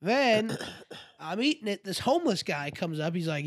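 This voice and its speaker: A man's voice: sits high, sing-song, normal speed, no room sound, studio quality. A young man co-hosting a podcast, telling a rambling, crude anecdote and acting out the quotes. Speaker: podcast co-host. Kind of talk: casual storytelling chat.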